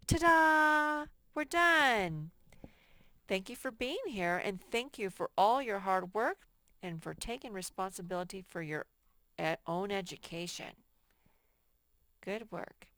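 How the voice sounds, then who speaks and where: Reading example sentences aloud with emphasis, a woman guides young children through a first grade worksheet lesson at a slow, patient pace. She has a medium-pitched voice, and there is no echo.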